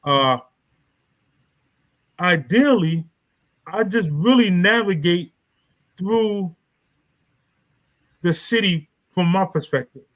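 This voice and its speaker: A man talks casually on a live stream, his voice sitting a little high. He rambles loosely, circling back and restarting his sentences, and uses plenty of street slang. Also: a bit bright, rough recording. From New York. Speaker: author and live stream host.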